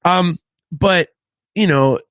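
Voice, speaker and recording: Male podcast host, higher pitch, dry close sound; animated, profane rants. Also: slow pace, dry recording. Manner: excitable, ranting, profane. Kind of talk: casual podcast chat.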